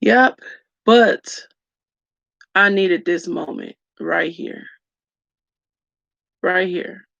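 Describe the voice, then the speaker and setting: Gravelly-voiced woman venting to viewers. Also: fairly low pitch, very slow, long pauses, a bit bright, no room sound. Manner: raw, emotional, addresses viewers as y'all. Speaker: vlogger talking to live viewers. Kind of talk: candid story-time livestream chat. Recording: dull lo-fi dry sound.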